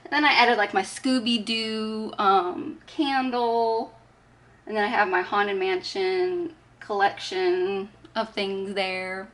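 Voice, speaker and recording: A woman in a relaxed get-ready-with-me chat, talking through her makeup as she applies it. She keeps up easy, self-deprecating chatter with an average, ordinary pitch. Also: takes it slowly. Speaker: beauty vlogger.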